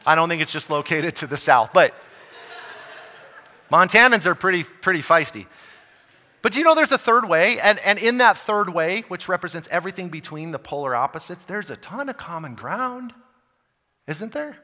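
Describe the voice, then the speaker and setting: American pastor guy preaching, chatty then punchy and loud, bright slightly high voice, big churchy reverb. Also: lively intonation, moderate pace. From United States. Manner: emphatic, conversational preaching with wide swings in loudness. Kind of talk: sermon.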